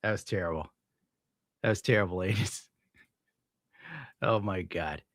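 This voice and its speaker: A man's voice: low voice, a little slow, fairly bright tone, dry recording, clean studio sound. Crude laughing streamer guy. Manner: crude, laughing, riffing mock voices. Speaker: streamer host. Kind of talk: casual reaction commentary.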